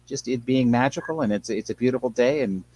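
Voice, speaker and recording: A man appearing as a musician guest on a radio show, talking about singing in a relaxed, rambling, self-deprecating way. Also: medium pitch, a little fast, lo-fi sound. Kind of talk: casual chat.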